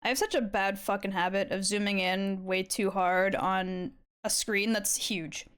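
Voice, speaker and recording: A woman's voice: mid-range voice, fairly even intonation, unhurried, fairly bright tone, clean tone. Young woman streamer, mid-range voice, loose and rambling, curses freely while drawing. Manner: casual and rambling, swears often. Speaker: live-streaming artist. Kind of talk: casual chat while drawing.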